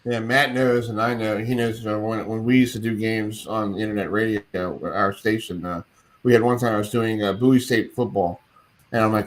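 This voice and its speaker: A man's voice: fairly low pitch, fairly even intonation, a little fast. Chatty rambling radio host, man. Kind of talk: casual radio chat. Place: his home.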